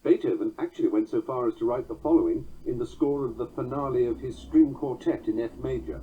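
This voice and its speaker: A man reading a book on poetry aloud, measured, chanting verse rhythms and reciting quotations slowly. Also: medium pitch, lively intonation, husky. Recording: tinny phone-like sound.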